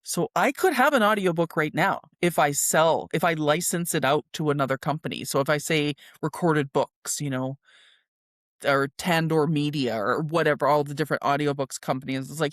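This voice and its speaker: A woman's voice: low voice, normal speed, dry recording, studio quality. A woman hosting a solo podcast, talking casually and self-deprecatingly about her writing, with filler words and restarts. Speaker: podcast host and indie author.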